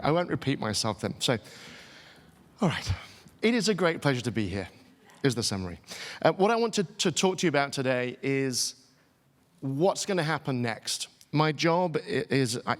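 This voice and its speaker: A man's voice: mid-range voice, a bit bright. A middle-aged man with a British accent giving a conversational, self-deprecating keynote talk to a conference audience. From England. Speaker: keynote speaker. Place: large conference hall. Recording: hall reverb, heard from a distance.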